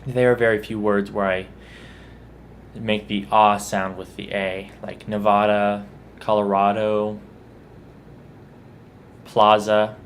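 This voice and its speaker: Texan guy, slow easy talk, lowish voice, vlogging about how he says words. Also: fairly even intonation, a little hiss or hum. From Texas. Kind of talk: casual accent-tag vlog.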